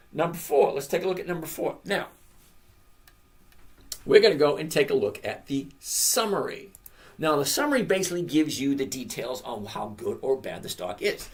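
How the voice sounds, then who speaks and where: A trading host giving blunt, opinionated commentary while going through stock charts on screen, sarcastic and mocking, laughing at figures they dislike. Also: medium pitch. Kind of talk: screen-share market commentary.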